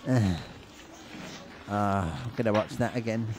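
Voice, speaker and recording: A man's voice: on the low side, unhurried, a little mellow. A man vlogging a holiday with cheeky, teasing commentary, outdoors in a busy tourist town. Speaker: travel vlogger. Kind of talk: casual handheld travel commentary. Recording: busy crowd noise around.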